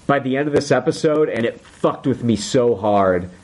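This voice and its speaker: Male podcast host, casual recap, excitable and profane. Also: medium pitch, normal speed. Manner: excited, swears a lot, acts out quotes. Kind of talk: casual chat.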